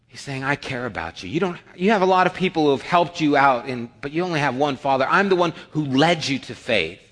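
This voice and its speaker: A middle-aged male pastor preaching a sermon, telling personal stories and acting out the dialogue with rising excitement. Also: on the high side, fairly quick, hardly any pauses.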